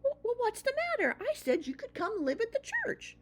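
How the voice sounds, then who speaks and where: A woman voicing an eager, excitable young boy mouse in a children's storybook reading, high and bouncy. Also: fairly quick.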